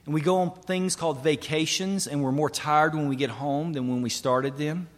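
Male pastor, sermon delivery, emphatic and repetitive, a little high-pitched, long church reverb. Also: steady tone, moderate pace. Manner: earnest preaching with rising emphasis and repetition.

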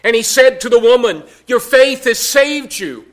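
A man preaching a sermon in a slow, measured way, with emphatic rises on key words. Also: very high-pitched, animated, fairly bright tone. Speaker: pastor.

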